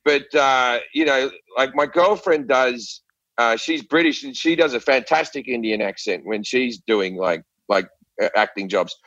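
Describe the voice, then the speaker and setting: A man's voice: mid-range voice, a little slow, a bit bright, no room sound, dull audio. A middle-aged Australian man on a podcast, ranting and swearing with lots of stammered restarts. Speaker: guest comedian. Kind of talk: casual podcast chat.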